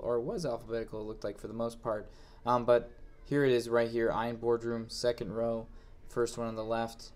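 A man reading each step of a software exercise aloud, then thinking aloud as he walks through it on screen. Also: medium pitch. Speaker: instructor. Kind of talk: screen-recorded software tutorial.

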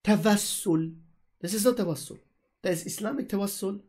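Guy w a husky voice, kinda high, preaching hard on a voice call, keeps repeating stuff for emphasis. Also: brisk, a little mellow. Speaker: speaker answering questions. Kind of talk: religious polemic in a Q&A. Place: online voice call.

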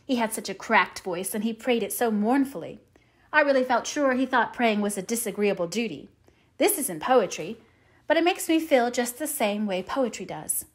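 A woman's voice: a little high, animated, moderate pace, natural voice. A woman voicing a talkative, dreamy young orphan girl in an audiobook, with eager, rapturous run-on chatter. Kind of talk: audiobook character reading.

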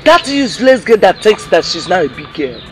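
A woman's voice: medium pitch, very animated, a little fast, over music, natural voice. An actress with a Nigerian accent playing a mother who boasts and then pleads with her angry daughter in a film drama. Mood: boastful. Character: proud village mother, soothing and pleading. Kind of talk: film acting.

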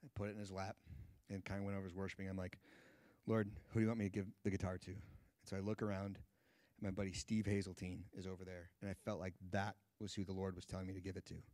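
Low-voiced man telling a story. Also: fast, dry recording. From United States. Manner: lively storyteller acting out dialogue. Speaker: guest Bible teacher. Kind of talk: sermon storytelling.

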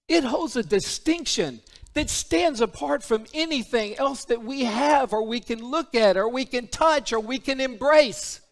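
A man preaching a sermon, alternating emphatic declarations with hushed, intimate passages. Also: very high-pitched, unhurried. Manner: emphatic, drops to a hushed intimate voice for solemn points.

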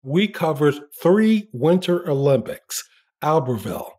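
Older male guest, animated raconteur, unhurried delivery, laughs often. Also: a little high, slightly rough. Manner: lively anecdotes, acts out quotes, laughs often. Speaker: guest, former TV journalist. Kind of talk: storytelling in a podcast interview.

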